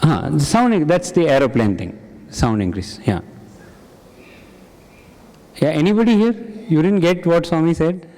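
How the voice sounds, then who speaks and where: Very animated yet measured, with frequent pauses, a man with a slightly high, dark-toned voice guides a spiritual group talk. Before an audience in a hall with long reverb, he poses questions and repeats what people answer.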